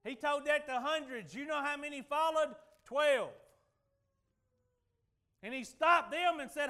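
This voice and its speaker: A middle-aged man preaching a sermon, telling folksy stories and swinging from loud declarations to quiet asides. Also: very high-pitched, measured pace, pauses often.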